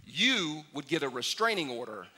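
A man's voice: a little high, sing-song, moderate pace, background noise. A male pastor giving a joking, conversational sermon, urging the congregation to call back in response.

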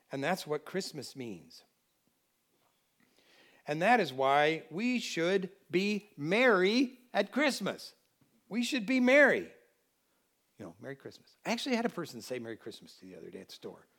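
American guy preaching, high lively voice, jumps from loud bursts to quiet asides. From United States. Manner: animated, swings between loud exclamations and quiet asides. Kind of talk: sermon.

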